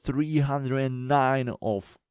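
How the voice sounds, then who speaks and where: A man's voice: mid-range voice, steady tone, slow pace, darkish tone, smooth, no echo. A man casually narrating his gameplay as a video game channel host, chatty and lightly self-mocking, with non-native English phrasing. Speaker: Minecraft YouTuber.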